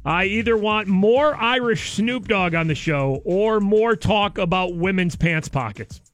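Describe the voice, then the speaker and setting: A man's voice: sits high, a little slow, fairly bright tone, faint music behind. A man hosting a radio show, talking in a casual, playful way and laughing often.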